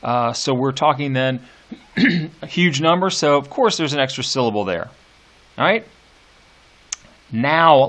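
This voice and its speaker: A man teaching a poetry lesson, unhurried and hesitant, full of fillers, reading verse lines slowly and deliberately. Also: mid-range voice, a bit bright. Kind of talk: classroom lecture on poetry.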